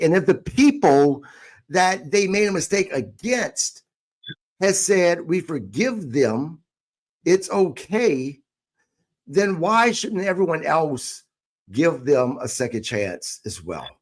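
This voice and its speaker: A man's voice: on the high side, expressive, unhurried. A man hosting a casual wrestling podcast, putting questions to his co-hosts. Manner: asks co-hosts questions, reads listener questions. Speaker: podcast host.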